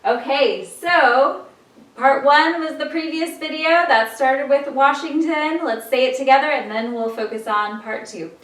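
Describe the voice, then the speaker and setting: A woman's voice: high voice, fairly even intonation, unhurried. A woman teaching a memory lesson in a patient, encouraging way, guiding listeners through a rhythmic chant. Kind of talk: classroom-style lesson. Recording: echoey room, distant mic, loud background noise.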